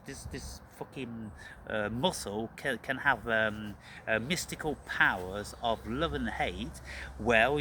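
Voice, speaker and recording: A man's voice: mid-range voice, a bit bright, a little hiss or hum. A man hosting his own channel, delivering an angry, profane rant about spirituality, repeating himself and calling out to "people.". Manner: profane, ranting, repetitive, addresses listeners as "people". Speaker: channel host.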